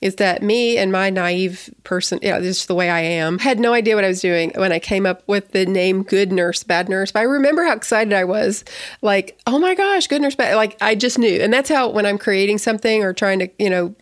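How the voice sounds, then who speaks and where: A woman in her thirties hosts a podcast in a chatty, excitable voice that keeps restarting sentences. Her pitch sits in the middle range. The sound is dry and close. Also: brisk, no room sound. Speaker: podcast host. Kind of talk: casual podcast chat.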